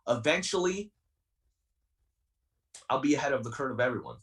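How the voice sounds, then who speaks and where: Heated young wrestler guy ranting on a podcast, defiant, keeps repeating himself, normal pitch, kinda far from the mic. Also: expressive, normal speed, a bit bright. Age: 20s. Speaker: wrestler guest.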